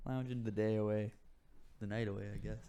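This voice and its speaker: A man's voice: fairly low pitch, steady tone, a little fast, noisy background. A young man co-hosting a podcast, teasing and joking in casual chat. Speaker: podcast co-host.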